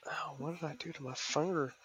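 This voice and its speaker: A woman's voice: low-pitched, steady tone, a little fast. A woman narrating as game master in a casual tabletop game, rambling and swearing freely.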